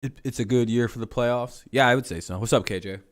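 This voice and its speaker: A man's voice: medium pitch, fast. A young adult man hosting a live stream, chatting casually and reacting play by play with loose, profane jokes.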